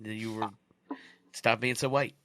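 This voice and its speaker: A man's voice: lowish voice, fairly even intonation, measured pace, pushed and bright. A man co-hosting a casual podcast, making wry, teasing comments and laughing along. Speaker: podcast co-host. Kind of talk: casual chat.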